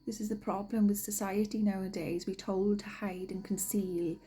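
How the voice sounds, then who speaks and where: A woman giving gentle spiritual guidance, slow and often half-whispered, sniffly from a cold. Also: mid-range voice, fairly even intonation, slightly rough, poor audio. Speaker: spiritual card reader. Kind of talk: soft-spoken spiritual guidance.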